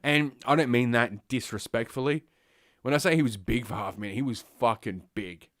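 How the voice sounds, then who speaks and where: An Australian streamer tears through news stories in a profane, sarcastic, rambling rant, sniffling through a blocked nose. His mid-range voice is brisk and a bit bright, recorded dry and studio-clean on a desk microphone.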